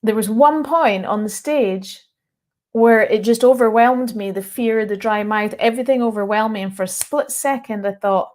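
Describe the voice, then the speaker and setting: A Scottish woman tells her own story to viewers, earnest and candid, and on the edge of tears. Her voice sits fairly high. She breaks into laughter now and then. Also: normal speed, a little mellow. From Scotland. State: emotional, close to tears. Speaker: mindset coach and speaker. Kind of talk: personal story told to viewers.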